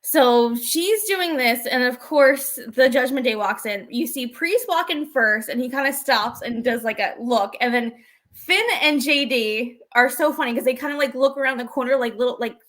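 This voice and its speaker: A woman with a high, slightly bright voice speaks at normal speed as a podcast co-host. She chattily recaps wrestling in a casual conversation, acting out the lines she quotes.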